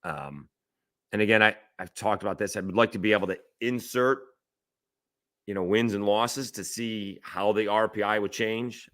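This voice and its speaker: Deep-voiced male sports talk host, opinionated, musing over stats mid-sentence, lots of uhs and restarts. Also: pushed and bright, no echo, clean studio sound. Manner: thinking aloud, checking stats mid-sentence, many fillers and restarts; opinionated, rhetorical questions. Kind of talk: solo sports talk commentary.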